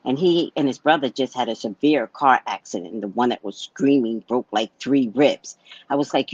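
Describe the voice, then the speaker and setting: A woman's voice: a bass voice, normal speed, breathy edge, no room sound. Woman, casual storytelling, blunt, profane, slightly dull lo-fi sound. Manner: animated, blunt, swears freely, acts out heated exchanges. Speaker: psychic reader sharing a personal story.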